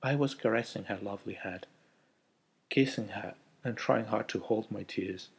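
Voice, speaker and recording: A man narrating a first-person story in a quiet, heartfelt way. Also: on the low side, normal speed, gravelly, husky.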